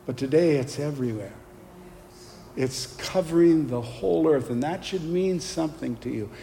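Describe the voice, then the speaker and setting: A male pastor preaching with fervor and rising intensity, his voice sitting a little higher than most men's. The sermon rings out through a hall with a long, lingering reverb, with a faint hiss of background noise underneath. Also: normal speed, gravelly. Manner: impassioned, rising to forceful emphasis, call-and-response.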